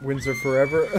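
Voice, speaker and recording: A young man streaming a game, joking crudely and breaking into loud whoops and yelps. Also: mid-range voice. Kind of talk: casual livestream chat while playing.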